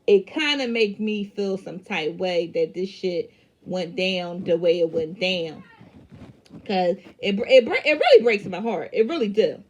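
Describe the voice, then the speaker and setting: A woman's voice: on the low side, darkish tone. A woman recapping a TV episode in casual, emphatic talk, swearing freely and using many fillers. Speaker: TV show reviewer.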